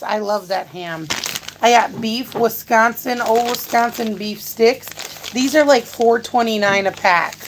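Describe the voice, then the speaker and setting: A woman's voice: mid-range voice, background noise. A woman hosting a casual live grocery haul, chatting to her viewers and her dog as she goes. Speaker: live-stream host.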